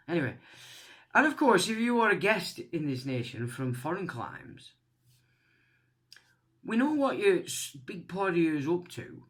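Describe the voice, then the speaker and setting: A man's voice: high-pitched, very animated, a little slow, pauses often, a bit bright. A man hosting his channel, giving a casual opinion monologue in a blunt, swearing, ranting manner. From England. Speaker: channel host.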